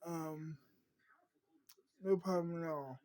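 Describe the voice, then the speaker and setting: Guy doing a chill fatherly lawyer, reassuring, slow. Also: fairly high pitch, steady tone, a little mellow, poor audio. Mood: businesslike.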